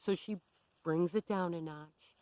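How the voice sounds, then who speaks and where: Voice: medium pitch, a little slow, mellow, dry recording, rough recording. Blunt, wry storyteller, dry sound. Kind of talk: personal storytime.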